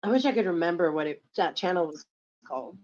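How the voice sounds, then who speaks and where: A woman's voice: lowish voice, expressive, fast, a little mellow, dry recording. A woman chatting casually on a stream, rambling and filling her talk with "like". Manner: rambling, heavy use of "like". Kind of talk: casual chat. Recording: dull lo-fi stream audio.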